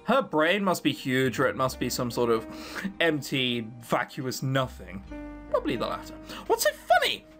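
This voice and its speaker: A man's voice: mid-range voice, expressive, moderate pace, over music. An English man giving sarcastic, swear-laden commentary while playing a visual novel. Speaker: gaming YouTuber.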